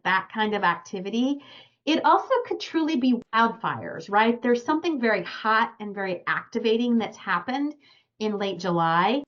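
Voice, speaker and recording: A woman's voice: mid-range voice, dull audio. A woman astrologer giving a recorded webinar talk, earnest and advising her listeners directly.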